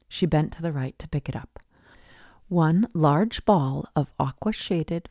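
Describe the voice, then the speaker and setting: Low, dark-voiced woman narrating a story. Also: no echo, clean studio sound.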